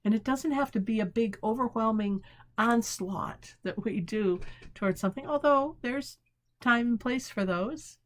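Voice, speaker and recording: A woman pastor delivers a brief devotional in a prayerful spirit, her fairly high voice gentle and unhurried. She reads the devotion slowly, reaching for words while she reflects.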